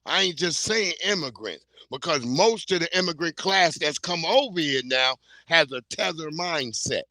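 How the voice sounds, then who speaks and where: A man's voice: fairly high pitch, expressive, normal speed, pushed and bright, no echo. A middle-aged man, hosting a livestream in a blunt, heated, profane rant. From New York. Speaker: livestream host. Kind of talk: casual ranting commentary.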